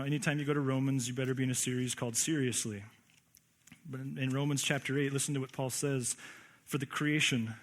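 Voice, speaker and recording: A male pastor preaching a conversational sermon, full of rhetorical questions and emphatic repetition. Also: a little high.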